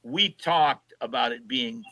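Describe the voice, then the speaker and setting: Older man, seventies, bright forceful voice, casual storytelling, lively quoted dialogue. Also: mid-range voice, takes it slowly, poor audio. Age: 70s. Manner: animated storyteller who acts out quoted dialogue. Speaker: podcast guest.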